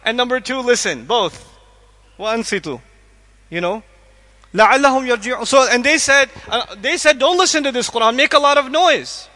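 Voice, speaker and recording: A man giving an animated religious lecture to a live audience, questioning listeners and acting out quotes. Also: extremely high pitch, a little fast, few pauses. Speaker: Islamic lecturer. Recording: echoey hall.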